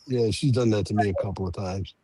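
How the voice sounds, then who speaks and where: A man chatting casually as co-host, explaining things slowly with many restarts. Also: lowish voice, warm tone. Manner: halting, restarts sentences, drawn-out explaining. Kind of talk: casual chat.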